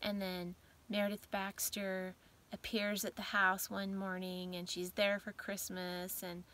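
A woman's voice: mid-range voice, completely flat delivery, unhurried. A middle-aged woman chatting casually to her vlog viewers at night, emotional and tired, often dropping into a near-whisper. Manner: emotional, soft-spoken, drifts into whispers. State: teary and tired at bedtime. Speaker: vlogger.

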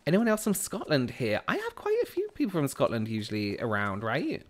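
A man's voice: medium pitch, wildly swooping pitch, fairly quick. A man from the United Kingdom streaming a game, chatting casually and answering viewer comments as he plays. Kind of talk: casual live-stream chat.

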